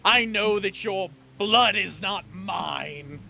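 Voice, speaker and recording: Man playing a booming, scornful tyrant father for a tabletop game; high, shouted, gravelly menace. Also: lively intonation, full character voice. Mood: furious. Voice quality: booming, echoing. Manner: shouting insults, slow and menacing.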